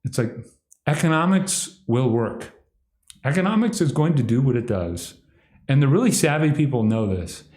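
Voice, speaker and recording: A man's voice: medium pitch, big pitch swings, brisk, warm tone. A man giving rambling solo commentary on a livestream, sardonic and mocking, sometimes slipping into exaggerated impressions. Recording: echoey room.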